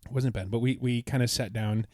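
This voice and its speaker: A man co-hosting a loose podcast chat, rambling through his stories with a laugh here and a cleared throat there. His voice sits at an ordinary pitch, recorded close on a dry mic with no room sound. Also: steady tone, fairly quick, darkish tone, no room sound. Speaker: podcast co-host. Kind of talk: casual chat.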